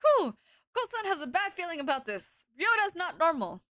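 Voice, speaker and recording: A woman voicing an excitable male pigeon who coos and speaks of himself in the third person, in a dating game playthrough. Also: extremely high pitch, a little fast, no room sound, clean studio sound, pitched above the performer's own voice, exaggerated voice. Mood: excited. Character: hyper excitable male pigeon, shrill cooing.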